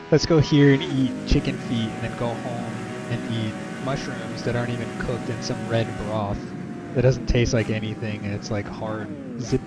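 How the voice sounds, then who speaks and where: A young man telling a rambling, exasperated personal story as a vlogger. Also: medium pitch. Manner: exasperated, rambling, many fillers. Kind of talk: casual storytelling rant. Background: music.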